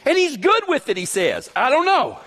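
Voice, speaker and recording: Very high-voiced, lively storytelling preacher. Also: male voice, normal speed. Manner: animated, folksy, joking asides. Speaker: pastor. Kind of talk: sermon with humorous storytelling.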